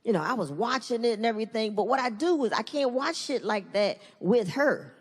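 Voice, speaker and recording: A middle-aged woman performing a profane stand-up comedy set, animated and shifting into high acted-out voices. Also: brisk, breathy edge. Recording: live hall reverb, faint room noise.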